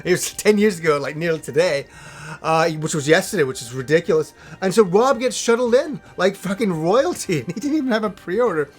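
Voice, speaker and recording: A middle-aged man hosting a show, telling a long rambling anecdote in a casual, animated way and swearing now and then. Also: high-pitched, a little fast, breathy edge. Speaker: host. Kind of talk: casual storytelling to camera.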